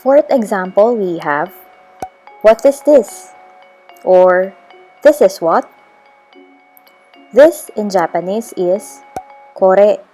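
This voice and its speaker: A woman teaching a beginner's language lesson, who explains each step with careful, clear enunciation and slips in Tagalog phrases now and then. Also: mid-range voice, lively intonation, very slow, long pauses, mellow, soft background music.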